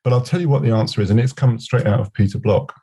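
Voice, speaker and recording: A man's voice: medium pitch, quick pace, creaky, dark tone, slightly rough. A middle-aged man, a guest on a podcast, speaking reflectively and telling anecdotes with quoted back-and-forth. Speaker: podcast guest, scrum master. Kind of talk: conversational interview.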